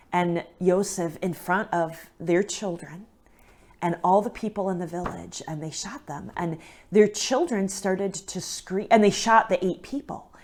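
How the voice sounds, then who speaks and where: A woman telling a moving faith story in a casual, earnest way, with lots of fillers and asides, at times close to tears. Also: fairly low pitch. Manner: earnest and emotional, many fillers and "right?". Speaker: guest speaker.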